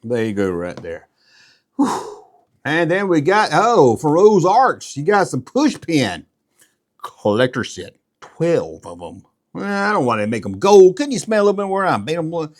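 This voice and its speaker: A man's voice: on the high side, wildly swooping pitch, measured pace. A middle-aged man hosting a casual show-and-tell vlog, rambling and joking as he goes. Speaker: YouTube collectibles host.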